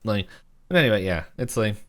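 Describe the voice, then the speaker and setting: Male podcast co-host, lowish voice, loose rambling recap style, chuckles between beats. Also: lively intonation, fairly quick, a bit bright. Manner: rambling retelling, heavy use of "like", frequent chuckles. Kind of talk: casual episode recap chat.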